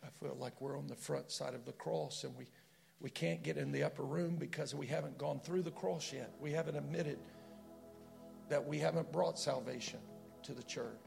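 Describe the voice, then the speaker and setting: A man preaching a sermon in a prayer room, passionate and conversational, swinging from loud to hushed. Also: a little high, steady tone, normal speed, vocal fry, soft background music.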